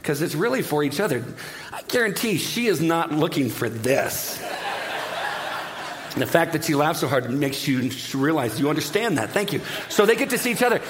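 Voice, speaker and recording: A middle-aged man preaching a sermon as pastor, telling jokey stories in an animated way and dropping to a hushed voice to pray. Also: on the high side, normal speed, a crowd in the background. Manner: animated, jokey storytelling that drops to a hushed prayer. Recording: echoey hall.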